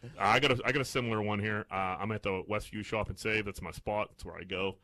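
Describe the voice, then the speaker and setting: A man's voice: lowish voice, steady tone, quick pace, pushed and bright, no room sound. A man telling a rambling, profane story in casual banter among friends.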